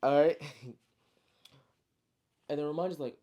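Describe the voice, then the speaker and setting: A man's voice: on the high side, lively intonation, moderate pace, dark tone. A man casually retelling his own story like a friend, slangy and full of spoken sound effects. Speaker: storyteller, author.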